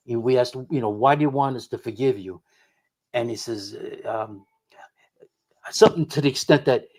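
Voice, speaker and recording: A middle-aged man, a guest on a radio show, telling a personal story in a rambling way full of restarts and quoted dialogue. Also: medium pitch. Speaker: guest investigator of the unexplained.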